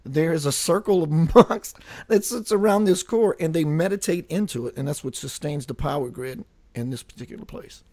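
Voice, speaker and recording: Earnest, slightly high-voiced male host. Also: moderate pace, warm tone, no echo. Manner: earnest, emphatic, fervent. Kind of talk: casual talk show conversation.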